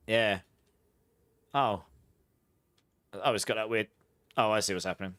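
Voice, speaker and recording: A man's voice: fairly low pitch, measured pace, pauses often, fairly bright tone, clean tone. A man chatting casually while streaming a game, answering his chat and telling long rambling anecdotes.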